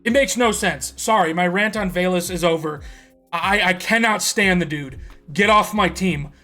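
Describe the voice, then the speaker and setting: A man's voice: sits high, normal speed, bright, forceful tone, faint music behind. A man giving a profane, exasperated fan rant about his football team. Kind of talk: sports reaction rant.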